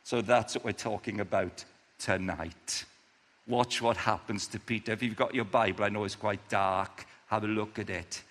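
A man preaching a lively, chatty sermon, acting out the characters' lines in different voices. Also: lowish voice, normal speed, in a large hall. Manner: animated, acts out quotes in voices, chatty asides.

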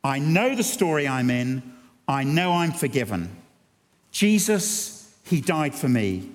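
Male preacher, high voice, earnest sermon delivery in a big reverberant church hall. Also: big pitch swings, slow pace. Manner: earnest, building to emphatic peaks. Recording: long reverb of a large hall.

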